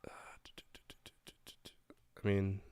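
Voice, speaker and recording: A man's voice: drawn-out words, mellow. A man playing a detective game, reading its narration aloud and adding wry comments. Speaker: let's-play streamer.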